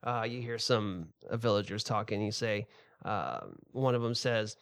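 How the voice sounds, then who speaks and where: A man narrating a tabletop game as game master, describing scenes in a relaxed second-person way. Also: fairly low pitch, normal speed, vocal fry.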